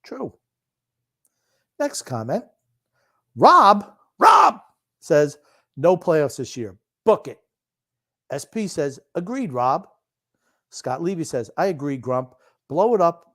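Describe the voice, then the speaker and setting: A man's voice: medium pitch, lively intonation, measured pace, darkish tone. An older man co-hosting a sports podcast, grumpy and teasing in casual chat. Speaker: podcast co-host.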